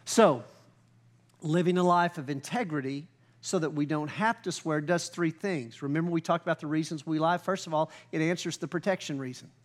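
A pastor preaching a sermon, reading scripture slowly and rising in volume when he gets fired up. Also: sits high.

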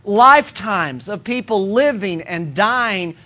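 High, bright-voiced male preacher. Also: animated, takes it slowly. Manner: conversational, humorous, emphatic repetition. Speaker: pastor. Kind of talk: sermon.

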